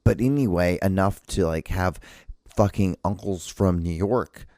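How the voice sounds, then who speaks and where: A man's voice: deep voice, a little slow, dark tone, dry recording, clean studio sound. A young man hosting a podcast, telling a rambling story in casual chat, swearing often and restarting his sentences. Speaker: podcast host.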